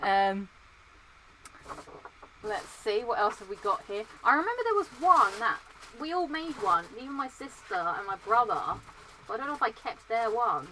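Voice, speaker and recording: A young woman from Britain chatting casually and excitably, looking through old belongings and coughing now and then from dust. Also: on the high side, normal speed, slight background noise, rough recording. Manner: chatty, excitable, sings entrance themes. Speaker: vlogger. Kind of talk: casual chat.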